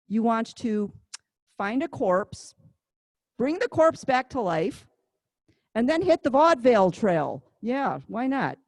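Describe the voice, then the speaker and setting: Slow-talking woman music teacher. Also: medium pitch, a little mellow, no echo. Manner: chatty, reads fingering numbers slowly. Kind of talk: online class instruction.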